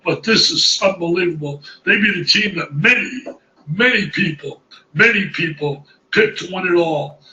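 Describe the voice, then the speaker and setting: A man with a high, bright voice gives excited basketball commentary, piling up exclamations and repeating himself. He sounds a little away from the mic in a roomy space, with a slightly dull recording. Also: normal speed, recorded from a distance. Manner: animated, exclamatory, repetitive. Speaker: basketball analyst.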